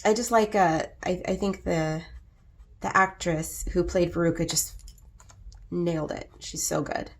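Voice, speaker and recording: A woman's voice: fairly low pitch, a little slow. A congested woman hosting a coloring video, chatting casually in a playful, rambling way with plenty of swearing. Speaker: coloring book artist and host. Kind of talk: casual chat while coloring.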